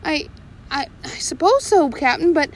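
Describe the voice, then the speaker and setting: A woman's voice: sits high, moderate pace, slight background noise, natural voice. A woman voicing a timid, nervous male pirate sailor who stammers, in a storybook reading. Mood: flustered.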